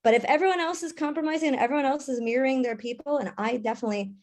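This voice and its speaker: A young woman speaking as a panelist in a casual discussion, chatty with quick asides. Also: high voice, darkish tone. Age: young adult.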